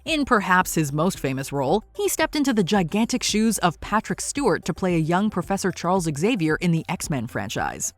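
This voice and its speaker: A woman doing upbeat, brisk scripted countdown narration. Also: fairly low pitch, big pitch swings, dry recording, faint music behind.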